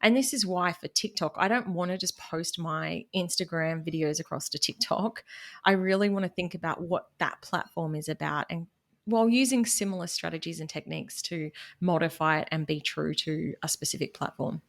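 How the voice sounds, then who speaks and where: A woman's voice: fairly low pitch, moderate pace, gravelly. A woman with a Queensland Australian accent, a guest chatting candidly and animatedly about her business, laughing at herself. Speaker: guest, marketing business owner. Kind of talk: casual interview chat.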